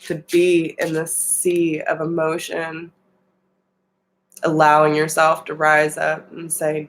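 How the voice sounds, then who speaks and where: A woman leads a spiritual tarot reading and speaks straight to her viewers. She takes her time over every phrase, and her voice sits a little low. Her delivery is earnest and openly emotional. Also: little pitch movement, takes it slowly, pauses often, slight background noise, rough recording. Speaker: tarot reader.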